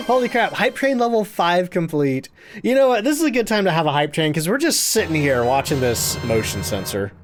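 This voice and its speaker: Lively excitable male game streamer. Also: high-pitched, unhurried, faint music behind. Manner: chatty and excitable, thanking viewers. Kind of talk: live gameplay commentary.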